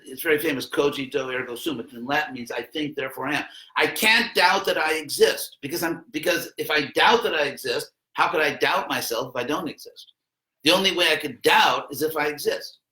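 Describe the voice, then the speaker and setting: Male teacher, bright and energetic, conversational lecture to students in an echoey classroom. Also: a little high. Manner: conversational, jokey asides, acts out quotes with a raised voice. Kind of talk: informal philosophy lesson to students.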